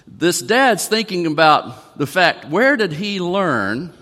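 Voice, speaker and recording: A man's voice: high-pitched, very animated, slow pace, bright, forceful tone. A man preaching a sermon to a church congregation, folksy and conversational. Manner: folksy, conversational, reads song lyrics aloud. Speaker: pastor. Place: church sanctuary. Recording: long reverb of a church hall.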